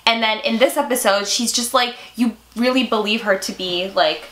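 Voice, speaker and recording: A young woman co-hosting a casual fan chat about a TV show, gushing and excitable, with lots of "like". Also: a little high, normal speed, a little hiss or hum. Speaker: co-host. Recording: echoey room.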